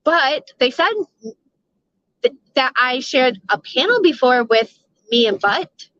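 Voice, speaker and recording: A woman's voice: sits high, animated, slow pace, pushed and bright, no room sound. A middle-aged woman chatting casually with her live viewers, rambling, swearing freely and laughing often. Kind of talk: casual live-stream chat. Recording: dull, lo-fi sound.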